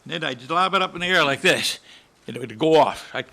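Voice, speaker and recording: Man in his 80s, veteran panelist, gravelly edge, storytelling with spoken gunfire. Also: on the high side, expressive, fairly quick, pushed and bright. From United States. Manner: vivid, with spoken gunshot sounds. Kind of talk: storytelling to a live audience. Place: conference hall panel.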